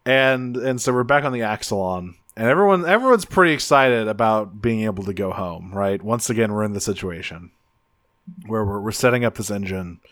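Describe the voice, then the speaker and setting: A man's voice: on the low side, lively intonation, brisk, fairly bright tone, no echo. Man recapping in dry, close sound. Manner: rambling recap with frequent restarts. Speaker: podcast host. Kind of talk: casual chat.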